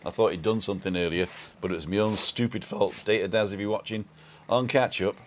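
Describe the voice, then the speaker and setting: Deep-voiced chatty man on a live stream. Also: fairly even intonation, fairly quick. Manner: rambling, greets viewers by name, chuckles often. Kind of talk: casual live-stream chat. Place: home.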